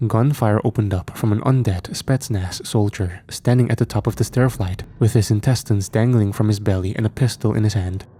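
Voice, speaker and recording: A man narrating a first-person horror story in a measured, steady way. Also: on the low side, slight background noise.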